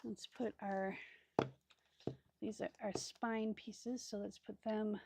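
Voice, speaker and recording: A woman's voice: medium pitch, level tone, takes it slowly, gravelly, heavy background noise. A woman hosting a crafting video, chatting casually and thinking aloud with many ums and asides as she sorts supplies. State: hiccups. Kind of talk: casual crafting tutorial chat.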